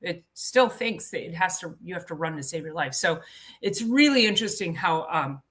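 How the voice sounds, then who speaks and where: A woman's voice: lowish voice, expressive, normal speed, a bit bright. A woman hosting a casual health talk, chatty, often restarting her sentences and laughing easily. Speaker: health show host.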